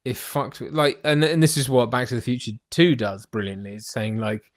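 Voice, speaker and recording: A man co-hosting a casual film review chat, enthusiastic and quick to laugh. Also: medium pitch, steady tone, no echo, clean studio sound. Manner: enthusiastic, laughs often, acts out movie lines. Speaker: podcast co-host.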